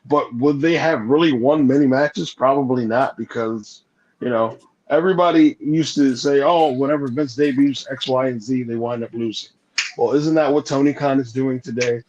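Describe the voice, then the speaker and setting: A man co-hosting a wrestling podcast, talking in a measured, halting way with many fillers. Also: mid-range voice, steady tone, darkish tone, muffled recording. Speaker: podcast co-host. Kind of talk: casual wrestling chat.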